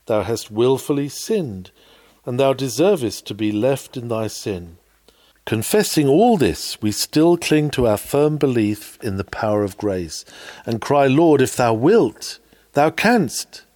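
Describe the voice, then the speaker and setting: A man delivers an old-fashioned sermon in a fervent, pleading manner. His voice sits at an ordinary male pitch but climbs and falls dramatically from line to line, and he slows down on the key phrases to press them home. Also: very animated, darkish tone. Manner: fervent and pleading, with wide swings in pitch and volume.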